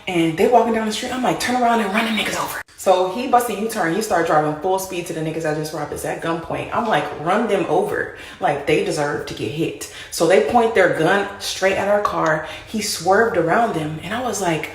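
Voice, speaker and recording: A woman's voice: fairly low pitch, normal speed, hardly any pauses. Woman telling a story in a roomy echo. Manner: animated, addresses listeners as y'all. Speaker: storyteller in a played clip. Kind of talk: casual storytelling to viewers.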